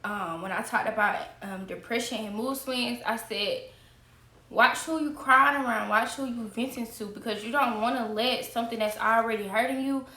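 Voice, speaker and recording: A woman hosts a casual chat in a sharp, bright voice. She talks in animated, quick bursts, and the room adds a noticeable echo. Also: on the high side. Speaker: vlogger host. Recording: roomy echo.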